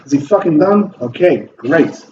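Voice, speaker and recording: A man's voice: fairly high pitch, animated, measured pace, darkish tone, reverberant, distant mic, dull audio, slight background noise. A man hosting a gaming video, ranting in heated, profane commentary while he plays. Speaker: gaming channel host.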